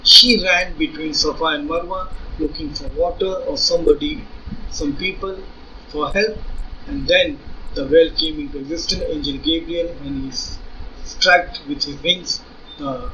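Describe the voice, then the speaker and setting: A man's voice: on the high side, fairly even intonation, a little slow, sharp tone, recorded from a distance, highs cut off, slight background noise. A man with an Indian English accent giving an argumentative religious rebuttal lecture, reading scripture aloud and pressing rhetorical questions. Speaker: religious debater.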